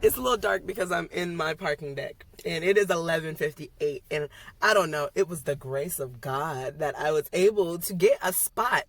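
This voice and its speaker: A woman's voice: low-pitched, moderate pace. Chatty woman vlogging from her car. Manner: chatty, self-talk, anxious then relieved. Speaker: vlogger, nursing student. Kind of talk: casual vlog chat. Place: in a car, then a parking deck. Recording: noisy car recording. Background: car and road noise.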